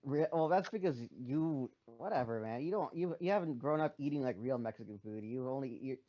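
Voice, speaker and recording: A man's voice: medium pitch, lively intonation, a little fast, lo-fi sound, a little hiss or hum. A man co-hosting a casual podcast chat, teasing his friends and laughing often. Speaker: podcast co-host.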